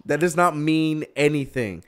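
A young man hosts a casual basketball talk livestream, ranting heatedly and laughing at himself. His voice is on the high side, clear and resonant, a bit bright, and a little slow.

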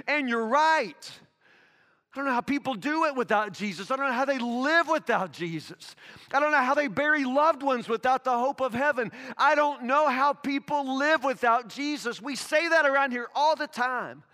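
High, bright-voiced preaching pastor. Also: male voice, animated, normal speed, in a large hall. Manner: storytelling, rising to emphatic preaching. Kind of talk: sermon. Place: church sanctuary.

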